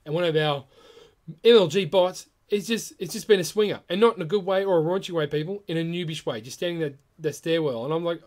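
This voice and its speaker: A man commenting over his own gameplay in an animated, exasperated way, his voice jumping up when he gets worked up. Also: sits high, brisk.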